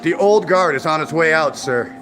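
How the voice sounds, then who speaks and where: With soft music playing behind him, a man films a confrontational exchange with officials, courteous on the surface yet pushy, sarcastic and needling, peppering his speech with "sir" and "ma'am." He sounds animated and a bit bright, fairly high-pitched, at a moderate pace.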